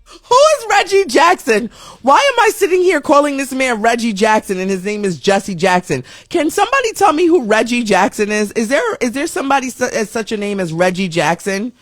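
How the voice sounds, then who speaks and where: A man's voice: sits high, very animated, fairly quick, hardly any pauses, no room sound, studio quality, faint music behind. A man hosting a live radio-style show, chatting casually and rambling while reading the viewer chat aloud.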